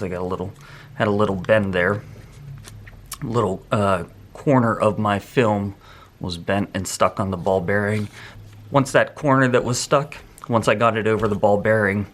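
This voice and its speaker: A man with a low voice talks through a hands-on tutorial while he works. His delivery is relaxed and rambling, with restarts as he thinks aloud. Faint background noise and small handling clicks sit under his voice. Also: normal speed. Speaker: photography instructor.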